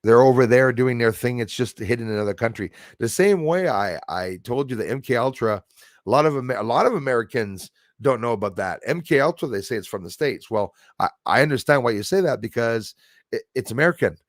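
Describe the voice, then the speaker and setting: Canadian man, livestream host, rambling emphatic talk, middle pitch, dry close sound. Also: animated, brisk, no room sound. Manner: rambling, emphatic, frequent fillers and restarts; reads out and thanks viewers in chat.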